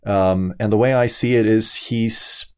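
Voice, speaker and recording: A man from Denmark, a podcast guest, talking in a casual chat, hesitant and measured with many ums. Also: lowish voice, steady tone, a little mellow, smooth.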